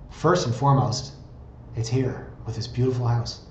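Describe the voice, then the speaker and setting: A man's voice: mid-range voice, animated, measured pace, a little hiss or hum. A man, a real estate blogger, talks casually through home listings with sarcastic asides and frequent tangents. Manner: chatty, sarcastic, prone to tangents. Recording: roomy, slightly dull recording.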